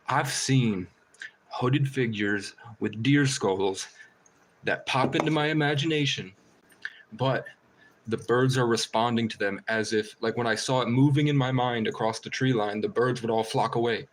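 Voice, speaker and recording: A man's voice: medium pitch, slight background noise. A man rambling through stories on a casual livestream, laughing and swearing as he goes. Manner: profane, laughing, rambling storytelling. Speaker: livestream host.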